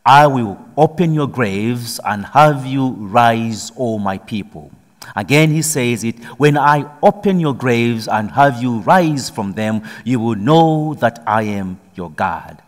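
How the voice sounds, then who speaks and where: A priest with a medium-pitched, animated voice solemnly reads the Gospel at a slow pace, then moves into a homily that grows emphatic, his voice rising as he presses his points. A long reverb tail trails his words.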